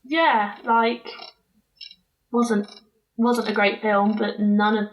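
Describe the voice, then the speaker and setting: A woman with a fairly high voice chats casually as a podcast co-host. She speaks in an opinionated, chatty way, with quick asides. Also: steady tone. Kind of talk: casual chat.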